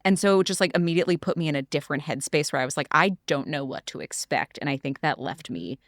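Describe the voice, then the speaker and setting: A woman speaking as a guest, telling her story in a casual, animated way. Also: sits low, quick pace, no room sound, studio quality. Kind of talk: casual conversation.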